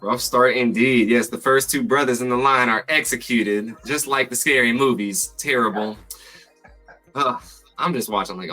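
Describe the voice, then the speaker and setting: A man's voice: mid-range voice, normal speed, pushed and bright, soft background music. A man hosting a podcast, recapping episodes from his notes in a chatty, playful way. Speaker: podcast host.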